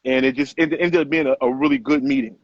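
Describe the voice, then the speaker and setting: A middle-aged man, an author guest, telling stories in casual interview talk with animated street slang and plenty of cursing. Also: medium pitch, fast talker, dry recording. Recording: muffled lo-fi sound.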